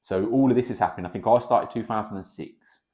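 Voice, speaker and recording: A man talks quickly in a deep, low register, rattling through stories. He is a kickboxer and coach in his thirties, chatting casually as a podcast guest, swearing freely and acting out what others said. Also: muffled recording. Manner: animated storyteller, swears freely, acts out quotes.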